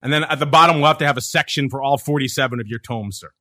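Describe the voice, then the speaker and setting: A bright, forceful-sounding man hosting a casual podcast. He talks with energy, rattling through listener questions and side comments in a loose, chatty flow. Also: medium pitch, racing. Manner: energetic, talkative, reads listener questions aloud. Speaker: podcast host.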